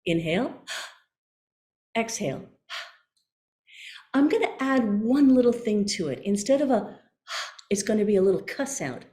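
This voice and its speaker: A woman voice coach leading a workshop over a video call, giving calm, gentle cues. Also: mid-range voice, fairly quick, reverberant. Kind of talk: guided workshop instruction.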